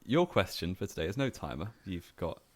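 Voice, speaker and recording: A man's voice: low voice, big pitch swings, fairly quick, a little hiss or hum. A young man co-hosting a casual podcast and running a quiz, with dry, wry remarks. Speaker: podcast co-host and quizmaster. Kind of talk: casual chat.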